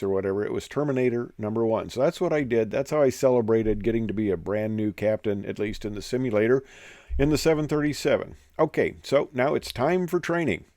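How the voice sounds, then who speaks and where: A man's voice: lowish voice, a little mellow, dry recording, clean studio sound. An older man who flew as an airline captain tells stories from his career in a casual, rambling way, full of fillers and digressions. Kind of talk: casual storytelling.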